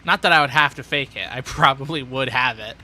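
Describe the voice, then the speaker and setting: Brief: young male streamer, bright tone, rambling sardonic monologue over gameplay. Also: mid-range voice, brisk. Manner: rambling, sardonic, talks to himself. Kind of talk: casual gameplay chatter.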